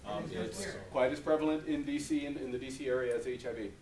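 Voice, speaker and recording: A man's voice: medium pitch, fast, darkish tone. A man explaining health facts to an audience in an informal way, with frequent fillers. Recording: echoey room, distant mic, audible noise.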